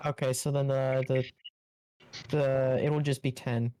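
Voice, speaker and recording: A man's voice: medium pitch, little pitch movement, a little slow, dark tone. A man playing a tabletop game, hesitant and musing as he thinks aloud. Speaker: player. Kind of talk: casual tabletop play.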